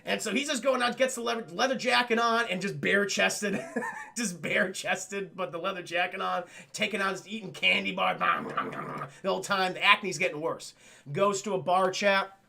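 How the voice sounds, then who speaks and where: A man's voice: high voice, moderate pace, creaky, bright, forceful tone. A man recapping a film scene by scene for his live chat. He talks animatedly, swears, laughs often and keeps calling out to the chat. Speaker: streamer, film reviewer.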